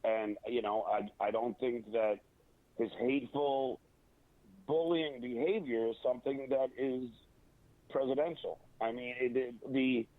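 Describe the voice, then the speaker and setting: A man talking as a guest in a casual interview, opinionated and halting, full of restarts and fillers. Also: medium pitch, fairly even intonation, dry recording. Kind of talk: casual interview over a phone line. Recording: tinny phone line, dry.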